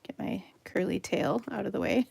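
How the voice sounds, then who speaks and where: A chatty, giggly American woman hosting a live card-making demo, talking to viewers and murmuring softly while she works. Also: mid-range voice, normal speed, vocal fry, breathy edge, no room sound. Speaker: craft livestream host.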